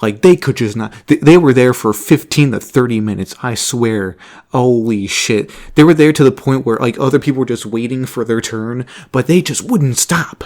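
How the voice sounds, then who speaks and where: A young man casually telling a story about a job, animated, laughing often and swearing freely. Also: medium pitch, normal speed. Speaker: vlogger.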